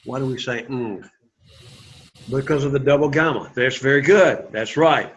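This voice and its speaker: A man's voice: mid-range voice, moderate pace, a little hiss or hum. A man teaching an introductory Greek class, encouraging students and having them repeat words aloud. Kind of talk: classroom lecture. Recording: lo-fi classroom recording.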